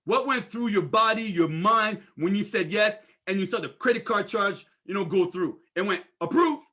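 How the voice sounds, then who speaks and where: High, bright-voiced energetic sales trainer. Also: male voice, normal speed. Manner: energetic, repetitive, full of rhetorical questions. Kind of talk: motivational training talk.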